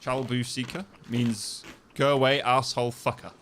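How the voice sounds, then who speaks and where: A man's voice: mid-range voice, little pitch movement, moderate pace, a bit bright, a little hiss or hum. A man streaming a survival game, laughing as he practises a foreign phrase over and over and swearing casually while he thinks aloud. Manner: laughing, repeating foreign phrases to get them right. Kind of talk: casual livestream commentary.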